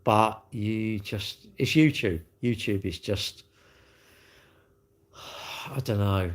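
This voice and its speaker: A man's voice: lowish voice, drawn-out words. A man, chatting casually to viewers as a livestream host, rambling and repeating himself in a blunt, chatty way. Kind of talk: casual chat to live viewers.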